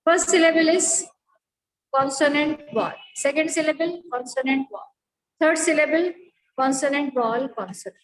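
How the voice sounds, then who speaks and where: A woman's voice: sits high, normal speed, low-quality recording. A woman teacher giving a phonetics lecture, explaining rules step by step and checking that students follow.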